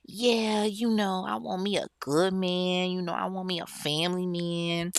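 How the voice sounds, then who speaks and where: A woman's voice: little pitch movement, no room sound, studio quality. Woman doing a giddy, smitten young woman. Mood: eager. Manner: high, drawn-out and giddy.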